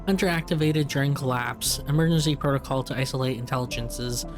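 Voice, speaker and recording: A man's voice: medium pitch, a little fast, natural voice. A man reading aloud the clipped, broken lines of a fugitive machine intelligence living in a vending machine, in his own everyday voice. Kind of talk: reading game dialogue aloud. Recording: game music playing behind. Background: game music.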